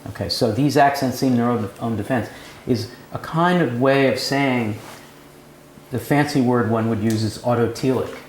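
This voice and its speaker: A man's voice: medium pitch, normal speed. A man leading a poetry seminar, lecturing and putting questions to the group. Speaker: seminar leader. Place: cafe room with a seminar group. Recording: roomy room sound, faint background noise.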